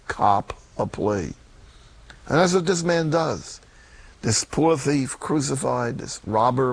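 An older man, a Catholic priest, talking in a blunt, folksy, emphatic way with sudden loud peaks. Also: medium pitch, creaky. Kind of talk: sermon-style talk.

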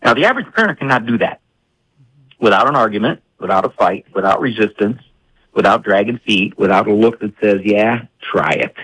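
A man in his sixties, a psychologist and author, talking as a guest on a radio interview and telling stories with lively voices for parents and kids. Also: lowish voice, a little fast, slightly rough, low-quality recording. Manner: animated storyteller, acting out parents and kids.

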